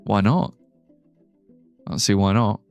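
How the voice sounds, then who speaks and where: A man's voice: lowish voice, fairly even intonation, a little slow, gravelly, muffled recording, soft background music. A young man streaming a game live, chatting loosely, swearing casually and laughing at his own ideas. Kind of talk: live gameplay commentary.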